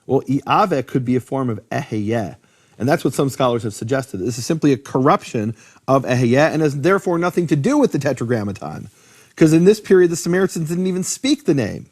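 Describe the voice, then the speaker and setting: A man teaching in a conversational lecture about biblical names, animated, posing rhetorical questions and often restarting his sentences. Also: mid-range voice, brisk, husky. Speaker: Bible teacher explaining Hebrew names.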